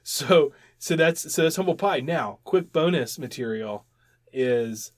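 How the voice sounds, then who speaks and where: A man co-hosting a podcast in casual chat, animated and rambling, often repeating words as he explains. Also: on the high side, unhurried. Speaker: podcast co-host.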